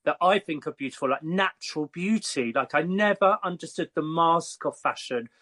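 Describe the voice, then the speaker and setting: An English man in his fifties, a hairstylist guest telling lively, chatty stories with frequent fillers. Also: fairly high pitch, moderate pace. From Croydon, England. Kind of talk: casual storytelling.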